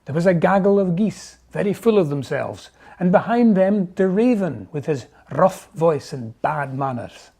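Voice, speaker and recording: A narrator reading a children's storybook aloud in a gentle, measured way. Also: mid-range voice, animated, vocal fry, breathy edge.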